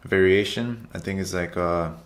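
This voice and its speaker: In a low-pitched voice at normal speed, a fitness vlogger narrates his workout clips as a relaxed vlog voiceover. He rambles and repeats himself, chats with his viewers, and says "guys" often.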